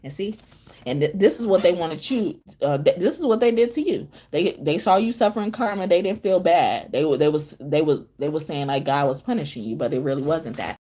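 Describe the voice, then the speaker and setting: A woman's voice: low-pitched, expressive, brisk, warm tone. A woman giving a casual livestream tarot reading from a room in a shelter into her phone, rambling, swearing and laughing often. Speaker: tarot reader.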